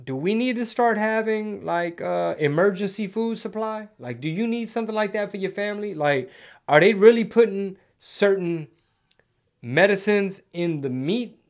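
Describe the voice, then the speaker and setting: Dude hosting a stream, slangy and rambly, kinda high voice. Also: male voice, lively intonation, normal speed. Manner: laid-back slangy rambling, mixes in Spanish. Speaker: podcast host reading live chat. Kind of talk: casual livestream chat.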